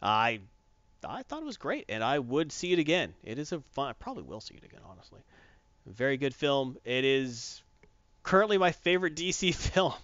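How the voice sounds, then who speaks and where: Podcast host, male, animated movie recap; smooth voice, lo-fi dry recording. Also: medium pitch, fairly quick, no room sound. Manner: animated, acts out scenes in funny voices. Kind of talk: casual movie review chat. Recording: dull lo-fi dry sound.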